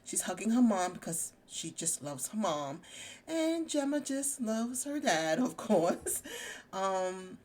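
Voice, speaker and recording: Animated woman narrating a life-sim game. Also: mid-range voice, takes it slowly. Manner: gushy, dramatic narration addressing viewers. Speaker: let's play host. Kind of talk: casual game commentary. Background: game music.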